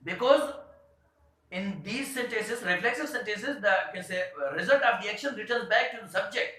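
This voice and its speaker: High bright-voiced male teacher, echoey room. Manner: halting, many "uh" and "you can say" fillers. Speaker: English teacher. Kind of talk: classroom grammar lesson.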